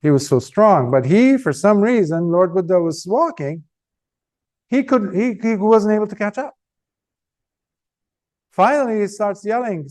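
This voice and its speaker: Monk telling a story, animated and high. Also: male voice, measured pace, pauses often. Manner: animated storytelling, shifting pace and emphasis. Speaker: monk teacher. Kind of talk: dharma talk storytelling.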